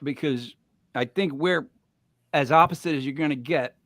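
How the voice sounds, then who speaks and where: A man with a Rhode Island accent who drops his R's, co-hosting a podcast in animated, joking banter. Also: fairly high pitch, normal speed, no echo, studio quality. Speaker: podcast co-host.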